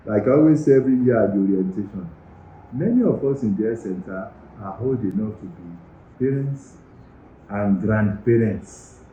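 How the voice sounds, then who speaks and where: Middle-aged Nigerian man, interview answers, mellow low voice, emphatic, echoey dull recording. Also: animated, moderate pace, slight background noise. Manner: earnest, emphatic explaining. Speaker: university medical director. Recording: roomy, slightly dull recording.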